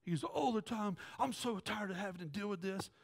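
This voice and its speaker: A man's voice: sits high, a little fast, vocal fry. A man preaching a sermon as pastor, telling a story with quoted voices and jokes. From American South. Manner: animated, joking, jumps between quoted voices.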